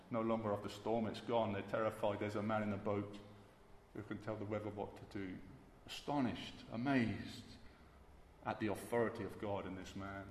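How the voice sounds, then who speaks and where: A man's voice: fairly low pitch, a little hiss or hum. A man preaching a sermon emphatically, repeating key words for weight. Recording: echoey hall with faint ambience.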